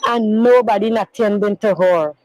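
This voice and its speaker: A middle-aged woman, a grieving mother, telling her story in an interview in a halting, rambling way, repeating herself and using non-standard grammar. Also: medium pitch, a little mellow, rough recording. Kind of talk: emotional personal recounting in an interview.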